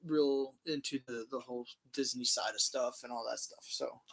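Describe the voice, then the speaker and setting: A man who is a guest on a casual podcast, answering in brief, low-key replies. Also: fairly even intonation, moderate pace, vocal fry, heavy background noise.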